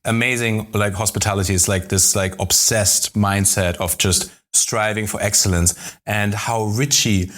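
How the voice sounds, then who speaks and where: A man's voice: fairly low pitch, steady tone, moderate pace, fairly bright tone. A man co-hosting a food podcast, chatting casually, swearing freely and retelling scenes. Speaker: podcast co-host. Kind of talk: casual chat.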